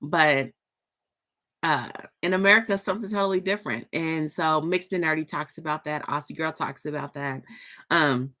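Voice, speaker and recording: A woman's voice: low-pitched, moderate pace, pushed and bright. A middle-aged woman vlogging in a rambling, chatty and enthusiastic way. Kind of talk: casual chat.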